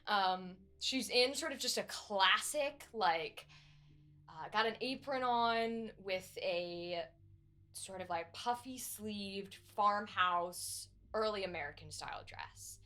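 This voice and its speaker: A woman's voice: medium pitch, slow, sharp tone. A woman narrating as game master, describing scenes casually with many fillers.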